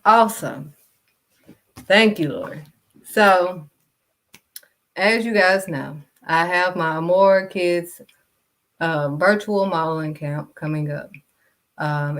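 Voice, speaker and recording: A woman vlogger giving a blunt, scolding faith talk straight to camera. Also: fairly low pitch. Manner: blunt, direct, scolding, refuses to sugarcoat. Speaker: vlogger and kids' modeling teacher.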